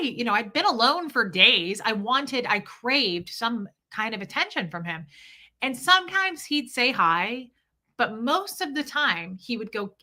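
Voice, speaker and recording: A woman's voice: on the high side, sing-song, moderate pace, bright, forceful tone. A middle-aged woman talking openly and candidly about her own life, now and then acting out the voices of people in her stories. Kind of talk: candid personal storytelling.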